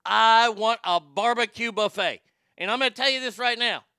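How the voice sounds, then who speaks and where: A man's voice: extremely high pitch, normal speed, bright, forceful tone, clear, resonant tone, no room sound, studio quality. A middle-aged man, rambling casually and profanely as he reads from a chat. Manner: profane, folksy, rambling with restarts. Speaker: livestream host reading chat.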